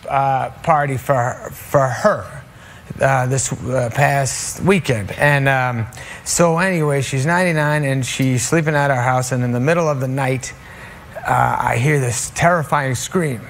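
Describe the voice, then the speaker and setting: A man's voice: medium pitch, measured pace. A man on a talk show telling comic anecdotes, laughing and stumbling over restarts as he goes. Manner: animated, laughing through stories, stammering restarts.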